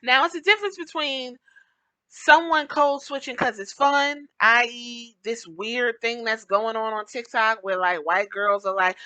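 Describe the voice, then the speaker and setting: A woman hosting a podcast, giving blunt, animated commentary and slipping into mock voices to make her points. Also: a little high, measured pace, no echo, rough recording. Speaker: podcast host.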